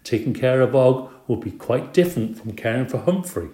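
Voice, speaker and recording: A man's voice: medium pitch, animated, moderate pace, warm tone, natural voice. A man doing a firm, patient schoolteacher woman. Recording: roomy echo.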